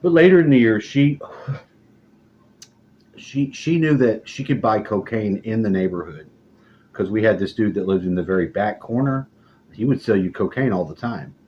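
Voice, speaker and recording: Middle-aged man, low voice, rambling profane storytelling, deadpan, muffled lo-fi recording, faint hiss. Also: moderate pace, pauses often. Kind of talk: casual storytelling monologue.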